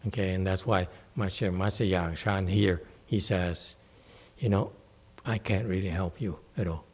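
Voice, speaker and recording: A man's voice: deep voice, fairly even intonation, measured pace, a little mellow, breathy edge. A man giving a meditation dharma talk to a class, conversational and playful, checking in often with "okay?". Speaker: meditation teacher.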